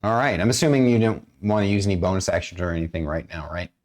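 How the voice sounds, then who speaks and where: A man acting as dungeon master on a game stream, talking loosely with many fillers and often clearing his throat. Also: deep voice, quick pace, darkish tone. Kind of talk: running a tabletop game stream.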